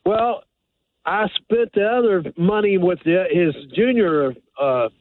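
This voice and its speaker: Rambling man on a tinny phone line. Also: high-pitched. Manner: rambling, halting with many fillers. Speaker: caller. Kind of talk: phone-in call.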